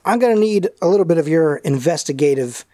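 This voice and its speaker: A man's voice: on the high side, animated, mellow, no echo, clean studio sound, natural voice. A man voicing an earnest male doctor who leads an occult investigation, speaking in a put-on accent and often restarting his sentences. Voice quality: halting, restarts mid-sentence.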